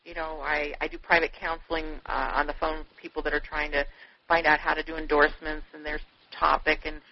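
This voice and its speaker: A woman author, a guest being interviewed, telling stories in an animated, effusive way, full of "you know" fillers. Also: low voice, a little fast. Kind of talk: chatty interview storytelling. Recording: dull, dry lo-fi radio audio.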